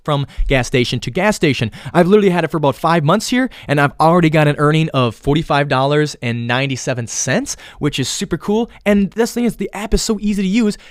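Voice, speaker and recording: A man hosting his own podcast alone, talking casually and cursing freely. He swings between low, mumbled asides and loud, pushy hype. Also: fast talker, few pauses, no echo, clean studio sound. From Minnesota. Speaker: podcast host. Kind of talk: casual solo podcast monologue.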